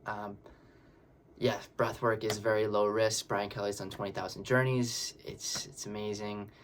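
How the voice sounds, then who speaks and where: Reassuring man with a lowish voice. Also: moderate pace, a little hiss or hum. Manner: relaxed, reassuring, repeats words often. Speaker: breathwork facilitator. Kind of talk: casual explanatory talk.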